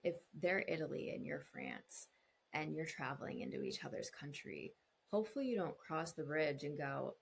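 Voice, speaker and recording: A woman speaking as a couples therapist in an interview, explaining calmly and acting out voices in quoted examples. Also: normal speed, creaky, a little hiss or hum. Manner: explanatory, acts out voices in quotes with big pitch jumps. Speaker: couples therapist, podcast guest. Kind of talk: conversational interview answers.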